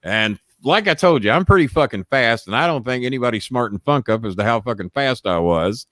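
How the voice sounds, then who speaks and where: Middle-aged man, casual storytelling, profane and animated, dry close sound. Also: medium pitch, fairly quick, no echo. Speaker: storyteller and show host.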